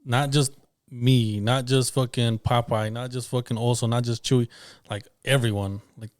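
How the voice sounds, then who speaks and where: A man's voice: mid-range voice, steady tone, normal speed, no room sound, clean studio sound. A man and parent co-hosting a podcast, speaking earnestly and heatedly, swearing heavily in casual chat. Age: adult parent. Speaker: podcast co-host.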